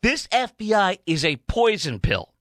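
A man's voice: high-pitched, sing-song, moderate pace, fairly bright tone, no echo. A man hosting a political talk show, delivering a heated, rambling monologue full of restarts and fillers. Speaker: talk radio host.

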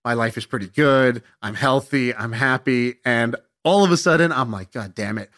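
Animated young man telling a story. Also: medium pitch, normal speed. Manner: animated, self-mocking, swears casually. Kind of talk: casual anecdote.

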